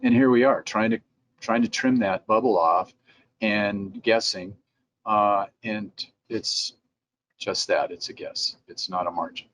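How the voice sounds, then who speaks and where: A middle-aged man with a fairly low voice gives an instructional talk in a relaxed, conversational way. His delivery is practical and direct, and now and then he slips into quoted replies. A faint ambient hiss sits behind him. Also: measured pace. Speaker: dental lab president giving a training talk. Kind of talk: instructional presentation.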